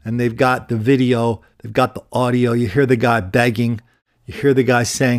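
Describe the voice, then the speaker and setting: A man's voice: medium pitch, level tone, moderate pace. A man hosting a podcast, telling crime stories in a sardonic, rambling way. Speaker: podcast host. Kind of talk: casual commentary.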